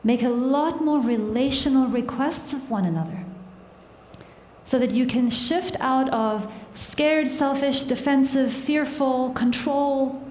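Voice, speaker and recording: A woman gives a conversational talk to a live audience, asking them questions and laughing at her own struggles. Her voice sits a little high. It carries through a large hall with a long, echoing tail. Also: slow pace, a little mellow, a little hiss or hum. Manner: engaging, asks the audience questions, laughs at herself. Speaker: workshop speaker. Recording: echoey hall with long reverb.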